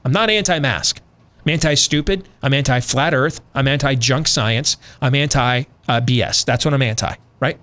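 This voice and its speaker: A man's voice: medium pitch, normal speed, fairly bright tone. A middle-aged man hosting a radio talk show, ranting with sarcastic, emphatic commentary.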